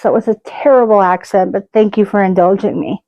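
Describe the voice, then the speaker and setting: A woman's voice: medium pitch, fairly even intonation, brisk, no echo, lo-fi sound. A woman hosting a casual cooking video, chatty and joking at her own expense. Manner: chatty and self-mocking, jokes about her own accents. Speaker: cooking show host.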